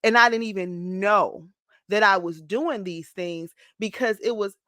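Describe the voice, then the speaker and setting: Expressive woman around forty, vlogging. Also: mid-range voice, unhurried, no echo. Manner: expressive, slips into mock-whiny voices when quoting her past self; emotional, close to tears at times. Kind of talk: casual confessional vlog.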